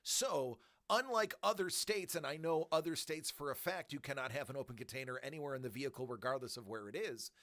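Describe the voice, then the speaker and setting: A man hosting a collectibles channel, telling a story in a joking, animated way and acting out the voices. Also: medium pitch, fairly quick, few pauses. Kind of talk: casual storytelling.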